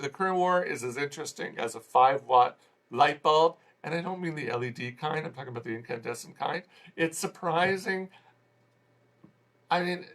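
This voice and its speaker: A man reviewing a film in a loose, talky way, voice sitting at an ordinary middle pitch. He rambles and restarts his sentences, sounding exasperated as he goes. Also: fairly bright tone. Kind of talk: casual spoken movie review.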